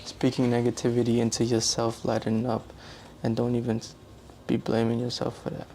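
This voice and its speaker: A man's voice: mid-range voice, monotone, a little fast, mellow, a little hiss or hum. A young man vlogging in a loose, rambling way, correcting himself often and filling gaps with "like". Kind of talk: casual rambling monologue.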